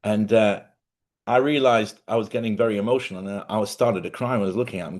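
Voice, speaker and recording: Chatty rambling man hosting a spiritual talk. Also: on the low side. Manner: chatty, rambling, self-correcting, laughs often. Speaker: host. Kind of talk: casual spiritual talk to viewers.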